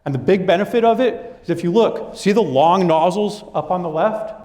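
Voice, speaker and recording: A man's voice: high voice, moderate pace. A young man gives a business talk from a large hall, his slightly raised voice carrying a long, roomy reverb. He tells stories with energy and acts out his coworkers' lines as he goes. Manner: lively storytelling, acting out quoted coworkers. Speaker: business speaker. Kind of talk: presentation to an audience. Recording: echoey hall.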